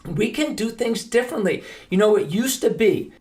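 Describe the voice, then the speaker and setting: A man's voice: high-pitched, lively intonation, moderate pace, darkish tone. A man hosting a podcast, telling stories in an earnest, emphatic monologue. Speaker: podcast host.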